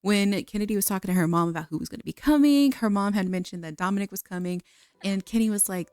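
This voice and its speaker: A woman's voice: mid-range voice, fast, a little mellow, smooth, no echo, clean studio sound. A woman giving casual, chatty gameplay commentary, gushing and laughing often as she walks through the scene. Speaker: let's play creator.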